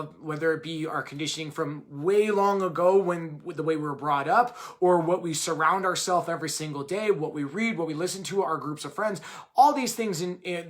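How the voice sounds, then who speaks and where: A man co-hosting a live video chat, talking casually and rambling, full of "like" and "right?". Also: fairly high pitch. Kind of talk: casual live-stream talk.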